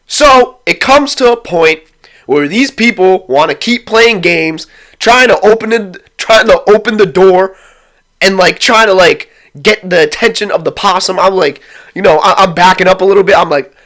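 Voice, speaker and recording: Bright-voiced young man, swearing storyteller. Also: high-pitched, moderate pace. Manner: rambling, swears constantly, excitable retelling. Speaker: vlogger telling a story. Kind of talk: profane casual storytime.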